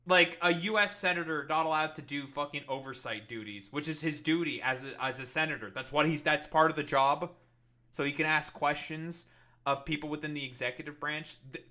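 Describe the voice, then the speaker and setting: A man's voice: a little high, bright, forceful tone. A man giving an angry, profane and sarcastic political commentary while reacting to clips.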